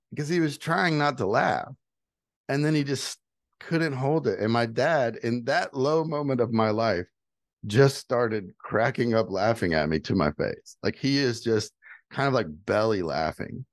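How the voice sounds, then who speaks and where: A middle-aged man with a voice of ordinary pitch, speaking candidly and earnestly in a motivational tone. He repeats key phrases and lifts his delivery when he hammers home a point. The sound is dry and close, with no room around it. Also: lively intonation, normal speed, no room sound. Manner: builds to emphatic, rising delivery when giving advice. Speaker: guest. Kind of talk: personal storytelling, motivational talk.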